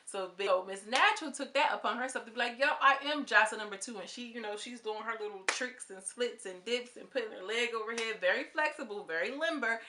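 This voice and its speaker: A woman's voice: a little high, brisk, few pauses, background noise. A young woman giving a candid, slangy, opinionated review of a reality show in a casual vlog.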